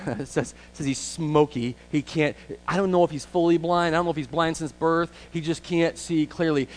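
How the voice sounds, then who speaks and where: A male preacher delivers a sermon with strong emphasis and speaks directly to his listeners. His voice sits a little high for a man. He often pushes his words out to drive a point home. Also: poor audio. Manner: emphatic, addresses the congregation directly. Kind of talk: expository sermon.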